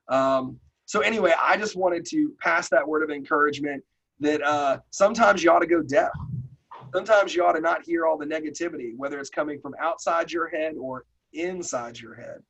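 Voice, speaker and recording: A man hosting a podcast, telling a motivational story in a folksy, animated way. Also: a little high, slightly rough, poor audio. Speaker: podcast host.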